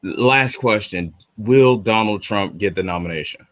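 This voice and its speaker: A man interviewing the host, halting and stumbling over his words with many fillers. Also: lowish voice, fairly bright tone, no echo, muffled recording.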